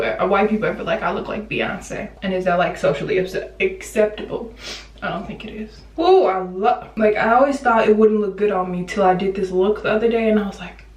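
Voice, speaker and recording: A young woman chatting playfully through a makeup tutorial, rambling with side jokes. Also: mid-range voice. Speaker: beauty vlogger. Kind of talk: casual makeup tutorial chat. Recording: roomy, slightly distant.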